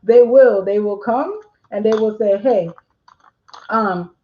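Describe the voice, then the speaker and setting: A woman's voice: fairly high pitch, a little slow, lo-fi sound, slight background noise. A woman teaching notary basics on a live stream, talking casually, reading viewers' comments by name and laughing often. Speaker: notary business instructor.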